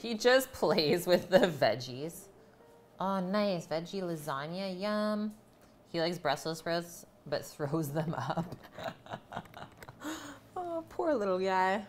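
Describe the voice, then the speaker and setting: A woman's voice: lowish voice, expressive, slow, soft background music. A woman cooking on a live stream, chatting with viewers and coaxing her pets in a sing-song voice. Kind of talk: casual chat while cooking.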